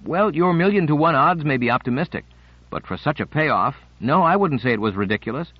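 A man's voice: on the high side, lively intonation, a little fast, no echo, muffled recording, pitched above the performer's own voice. A man reading a cautious, caring doctor's reassuring lines in an audiobook. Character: cautious, caring male physician.

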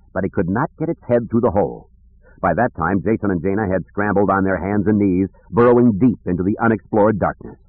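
Man, audiobook narrator, measured expressive reading, fairly low voice, dry close sound. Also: no room sound, narrow, tinny audio.

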